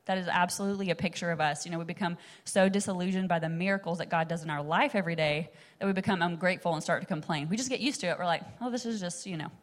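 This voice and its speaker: A woman's voice: lowish voice, racing, hardly any pauses. A young woman giving a casual, chatty Bible teaching, full of fillers and asides. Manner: chatty, animated, many fillers like "like" and "um". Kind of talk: casual sermon-style teaching.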